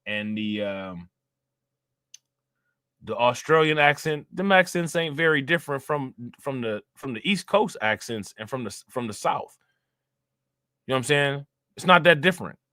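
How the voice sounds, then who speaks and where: A man's voice: medium pitch, lively intonation, moderate pace, pauses often, bright, forceful tone, smooth, dry recording, clean studio sound. A young man commenting casually on a livestream and reading out chat comments, with lots of fillers and repeated words. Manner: loose and conversational, fillers and repeats.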